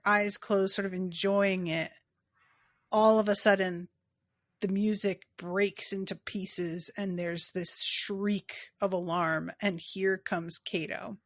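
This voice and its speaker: A woman's voice: medium pitch, steady tone, slow, a bit bright, no room sound. Dry-recorded woman thinking aloud. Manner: searching, thinking aloud between passages. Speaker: podcast co-host. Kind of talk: casual chat and reading aloud from a novel.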